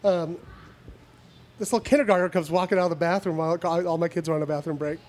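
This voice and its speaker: High-pitched guy, a teacher, laughing his way through a story on a podcast. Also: quick pace. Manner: laughs through stories, animated. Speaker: podcast guest, school teacher. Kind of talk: casual chat, storytelling.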